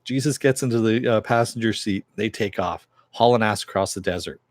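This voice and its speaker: A lower-pitched man talks through a TV episode recap in a relaxed, meandering way, with a chuckle here and there. His voice sits close and dry, with almost no room sound. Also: a little fast, dry recording. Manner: rambling retelling that acts out quoted dialogue, chuckling now and then. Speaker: TV series reviewer.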